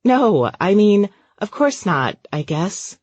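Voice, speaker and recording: A woman's voice: medium pitch, very animated, slow, a little mellow, husky, dry recording, pitched above the performer's own voice, heavily acted. A woman voicing a nervous, flustered young woman who talks in awkward, rambling bursts. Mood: embarrassed. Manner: awkward, rambling, self-conscious.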